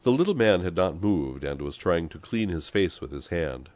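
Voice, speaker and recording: A man reading a story aloud as an audiobook narrator, expressive storytelling. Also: sits low, normal speed, no room sound. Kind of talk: scripted narration.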